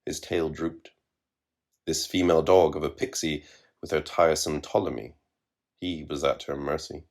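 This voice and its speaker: A man narrating literary fiction in a measured, wry reading. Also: a bass voice, steady tone.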